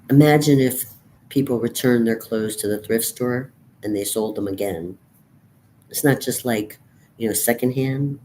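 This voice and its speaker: Talking to her camera, a woman in her fifties delivers a bleak, profane, rambling monologue, sounding depressed and weary. Her extremely low voice is a little mellow, with slight hiss or hum in the recording.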